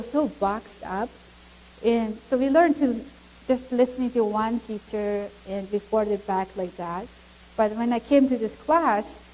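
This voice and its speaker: A middle-aged woman from Mongolia with a Mongolian accent, giving a church testimony as an animated storyteller who laughs often. English is not her first language. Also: a little high, rough recording. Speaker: guest speaker.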